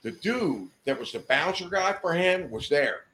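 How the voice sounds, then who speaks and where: A man's voice: fairly high pitch, expressive, moderate pace, a bit bright. A man telling a long, rambling anecdote as a guest in a podcast studio, swearing freely and breaking into laughter as he goes. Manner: swears often, rambling, laughs mid-story. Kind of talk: profane anecdotal storytelling.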